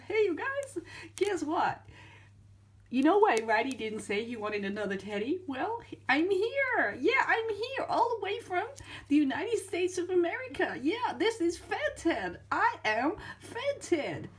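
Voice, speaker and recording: A woman hosting a playful toy story vlog, narrating with animated, theatrical dismay. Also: very high voice, takes it slowly. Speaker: channel host, toy storyteller.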